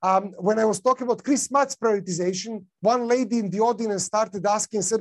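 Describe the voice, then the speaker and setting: A man's voice: high-pitched, fairly quick, hardly any pauses. A man with a non-native English accent giving a conference talk, casual, with many fillers and restarts. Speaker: conference speaker.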